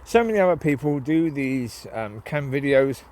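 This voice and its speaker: A man with a nasal, somewhat dark voice talks casually as he walks his dogs through the woods, his pitch medium and his intonation lively at a normal pace. It's a rambling walk-and-talk monologue packed with ums, and he calls out to the dogs now and then.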